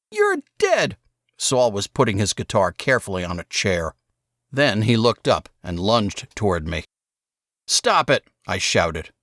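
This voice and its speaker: A man narrating an audiobook in the first person, with expressive storytelling. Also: on the low side, dry recording, clean studio sound.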